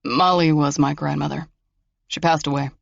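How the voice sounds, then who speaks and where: A man's voice: on the high side, fairly even intonation, moderate pace, vocal fry, fairly bright tone, no echo, full character voice. Narrator guy doing a fed-up federal agent, dry and wry, sounds kinda muffled. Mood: tired. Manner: dry, exasperated. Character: exasperated, wry young male federal agent.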